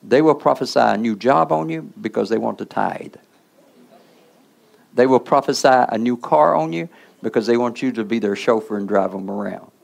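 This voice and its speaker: A man's voice: medium pitch, animated, normal speed, gravelly. A man preaching a sermon in the role of a preacher, checking in with the congregation through call-and-response asides.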